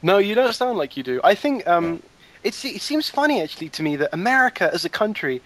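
Young Englishman with a higher voice. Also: a little fast. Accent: southern English. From Wiltshire, England. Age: 20s. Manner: rambling, many restarts and fillers, lively storytelling. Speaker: guest animator. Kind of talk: casual conversational interview.

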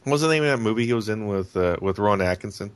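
A man's voice: on the low side, expressive, fast. A man co-hosting a casual podcast, rambling with many stammering restarts and frequent laughter. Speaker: podcast co-host.

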